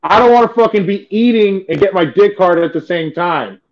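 A man talks in a loose, profane ramble, packed with filler words. His voice sits high for a man. The recording sounds dull and lo-fi. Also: brisk. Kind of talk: crude comedic casual chat.

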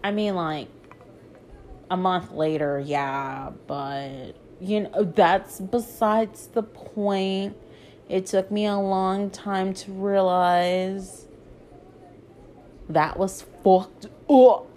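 A young woman drawls through a casual storytime, swearing freely and padding her lines with "like". She takes her time over each phrase, at a middle pitch, with a faint hiss of background noise behind her. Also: steady tone, drawn-out words, dark tone. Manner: profane, chatty, full of "like". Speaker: vlogger.

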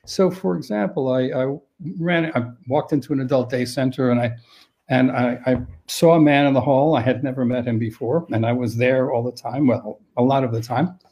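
Mellow-voiced older man giving gentle advice. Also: mid-range voice, fairly even intonation. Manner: thoughtful, halting, many restarts. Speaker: dementia care expert guest. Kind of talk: conversational advice on a live stream.

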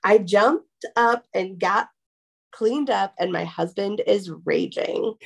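Relaxed woman co-hosting a chat. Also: mid-range voice, takes it slowly, gravelly, slightly rough. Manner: relaxed, reads out a listener story. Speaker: podcast co-host. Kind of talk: casual chat.

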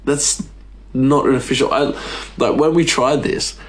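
A man's voice: mid-range voice, fairly even intonation, unhurried. A man hosting a podcast, ranting casually in a rambling, exasperated way, his voice jumping up for emphasis. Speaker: podcast host. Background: faint music.

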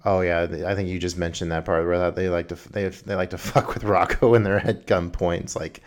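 A man co-hosting a casual film podcast, chiming in with relaxed comments. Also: low-pitched, fairly quick, hardly any pauses. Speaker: podcast co-host.

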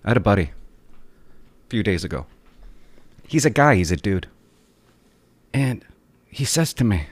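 A man talking straight to his viewers in an exasperated, animated way, ranting about his pet peeves and telling stories. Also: fairly low pitch, a little slow, pauses often, no echo. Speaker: vlogger. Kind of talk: casual ranting monologue.

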